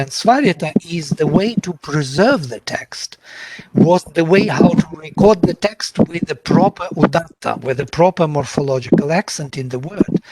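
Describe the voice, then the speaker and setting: A man, a linguist and guest speaker, answering a question in an explanatory way and checking that listeners follow. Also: fairly high pitch. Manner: explanatory, checks understanding with "yeah?". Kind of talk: lecture answer on an online call. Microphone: video call.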